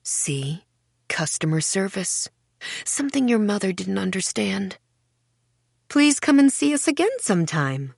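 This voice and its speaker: A woman narrator voicing a fawning shopkeeper who speaks softly and sweetly. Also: medium pitch, a little slow, vocal fry, husky, no echo, studio quality. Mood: sugary. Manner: soft, sugary and placating. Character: fawning, smiling middle-aged female shopkeeper.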